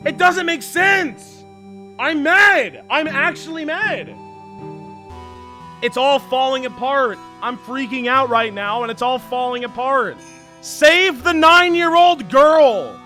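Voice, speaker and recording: A young male streamer talks over a video game into a desk microphone, excitable and profane, often breaking into shouted rants. His voice is very high and bright, and faint game music plays in the background. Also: slow pace. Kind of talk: let's play commentary.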